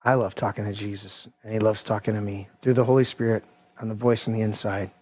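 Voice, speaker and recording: A man's voice: lowish voice, level tone, fast talker, darkish tone. Fervent swearing preacher-style man. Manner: fervent, swears freely, acts out quoted voices. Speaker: podcast host. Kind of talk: impassioned preaching rant on a live show.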